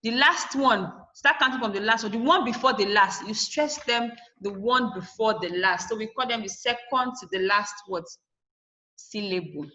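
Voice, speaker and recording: Bright-voiced teacher drilling word stress. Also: female voice, on the high side, normal speed. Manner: spells out letters and repeats words for drilling. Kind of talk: classroom English lesson. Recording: dull lo-fi classroom recording.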